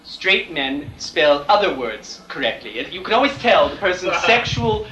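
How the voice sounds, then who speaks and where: A man's voice: sits high, lively intonation, a little slow, bright, forceful tone, highs cut off, a little hiss or hum, exaggerated voice. A man playing a catty, grand drag lady host. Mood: campy. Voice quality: campy, mock-refined delivery. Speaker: comic host before a live audience. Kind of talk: live stand-up comedy. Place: large theatre stage with live audience. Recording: fuzzy 1980s VHS air check, roomy and distant.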